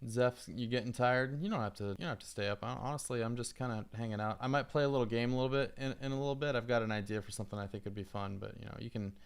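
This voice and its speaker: A man's voice: mid-range voice, rapid-fire, few pauses, smooth. A man chatting casually on a livestream, rambling and thinking aloud as he edits audio. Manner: relaxed, rambling, thinking aloud while editing. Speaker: streamer, content creator.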